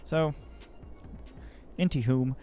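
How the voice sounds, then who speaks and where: A man's voice: medium pitch, extremely slow, dark tone, soft background music. A man giving rambling, jokey, self-deprecating commentary while playing a city-building game. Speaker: let's play host. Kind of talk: casual gameplay commentary.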